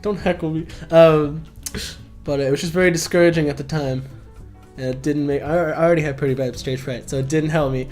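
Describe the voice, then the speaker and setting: A man's voice: fairly high pitch, fairly even intonation, fairly quick, darkish tone, soft background music. A young man co-hosting a podcast, telling a story in casual chat, laughing often and acting out the lines he quotes. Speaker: podcast co-host.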